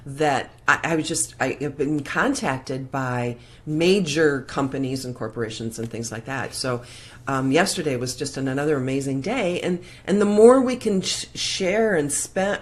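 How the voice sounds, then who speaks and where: A woman hosting a live morning show, talking in a casual, emotional, heartfelt way with many restarts into a plug-in microphone. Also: low voice. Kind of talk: casual live-stream chat.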